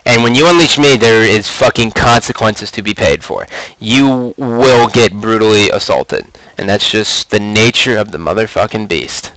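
A man's voice: lowish voice, normal speed, fairly bright tone, dry recording, rough recording. A man in his twenties hosting his own show, telling stories about his competitive gaming days in a brash, profane, swaggering way. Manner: brash, profane, swaggering trash-talk storytelling. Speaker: podcast host recounting esports career. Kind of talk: casual storytelling monologue.

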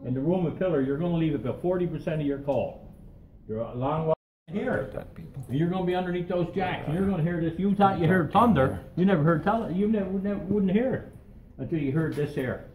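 Folksy older mine guide. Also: male voice, fairly high pitch, fairly quick, a little mellow. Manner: folksy, joking, checks in with "okay?" and "right?". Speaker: mine tour guide, former coal miner. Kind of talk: guided tour storytelling. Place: underground coal mine tunnel. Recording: echoey mine tunnel, distant mic, noisy.

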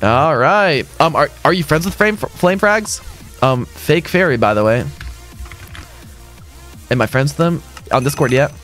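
Young guy on a game stream, chill voice, reads chat out loud, typing and faint music behind. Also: a little high, expressive, measured pace, pauses often. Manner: casual, reads chat aloud and answers it. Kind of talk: live gaming stream chat.

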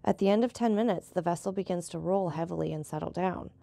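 Woman narrator doing a steady old-hand boat captain, explaining, gravelly texture. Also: on the low side, fast talker, no room sound. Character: seasoned male boat captain, calm and knowing.

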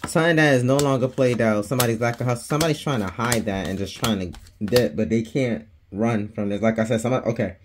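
A man talks through a tarot spread in a loose, slangy way, cursing freely and laughing between cards. His voice sits at an ordinary middle pitch. A faint background hiss runs under the recording. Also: quick pace, few pauses. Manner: chatty and slangy, laughs often, swears freely. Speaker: tarot reader. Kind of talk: casual tarot reading.

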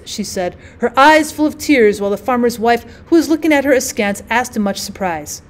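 A woman teacher narrating a classic short story aloud in a clear, measured way. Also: on the high side. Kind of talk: audiobook reading of a classic story.

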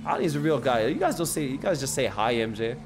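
A man streaming a video game, chatting excitedly and joking with his viewers. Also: on the high side, fast talker, noisy background. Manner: excitable, jokey, talks to chat. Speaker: gaming streamer. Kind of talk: live gameplay commentary. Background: game music.

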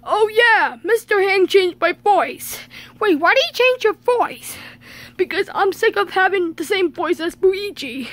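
A woman's voice: very high voice, animated, measured pace, a bit bright, exaggerated voice. A woman voicing a stubborn male mushroom creature who insists on his new old-man sounding voice, with an insistent, whiny manner. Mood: explaining. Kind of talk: homemade toy video voice acting.

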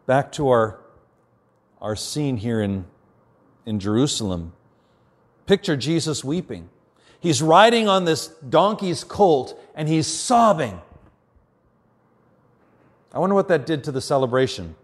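A man preaching a sermon as pastor, earnest, often dropping quiet and slow for emphasis. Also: medium pitch, lively intonation.

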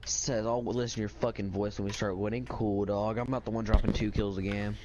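A man's voice: on the low side, little pitch movement, fairly quick, very noisy. A man streaming an online game, talking bluntly and irritably to teammates in voice chat. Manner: blunt, irritable, swears a lot. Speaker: streaming gamer.

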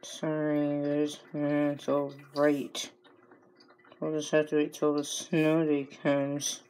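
A woman's voice: low-pitched, monotone, takes it slowly, background noise. A woman vlogger talking through a playful pretend dialogue, answering herself back and forth with mock indignation.

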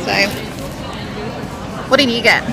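A woman's voice: a little high, slow pace, creaky, noisy background. Giggly Australian woman vlogging in a busy mall. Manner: chatty, giggly, self-mocking. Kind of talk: casual vlog chat. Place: busy shopping centre food court. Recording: loud crowd and background music.

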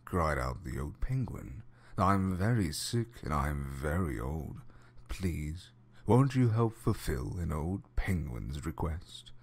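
A man voicing a grave, elderly-sounding documentary-style narrator for a game, speaking in a slow, measured, hushed way. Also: rumbling low, sing-song, slightly rough, exaggerated voice. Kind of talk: scripted storybook narration. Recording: game audio over loud music.

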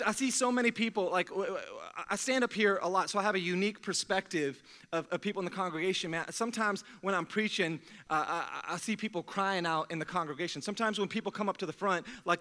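A young man preaching a sermon to his church, energetic and joking, calling out to the congregation to respond. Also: high-pitched, a little fast, hardly any pauses. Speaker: pastor. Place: church sanctuary.

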